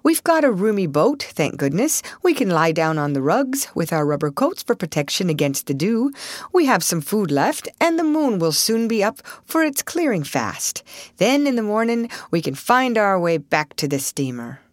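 A woman reading as a jolly older Irish woman who cheers everyone up, her voice lively and rising. The recording is dry and close. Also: mid-range voice, moderate pace, no echo, pitched above the performer's own voice, natural voice. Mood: cheerful. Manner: cheerful, reassuring.

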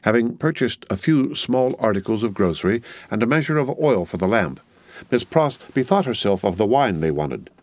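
A man narrating a classic novel in a measured, literary storytelling manner. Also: fairly low pitch, very animated, a little mellow, no room sound. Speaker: audiobook narrator. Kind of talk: scripted narration. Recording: dry close studio sound.

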